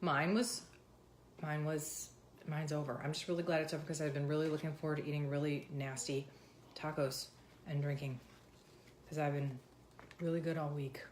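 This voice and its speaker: A woman in her thirties with a low voice, rambling casually to her viewers. She talks in a loose, chatty way. The recording has a roomy echo. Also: flat delivery, moderate pace, long pauses, darkish tone, slight background noise. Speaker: vlogger. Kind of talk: casual chat.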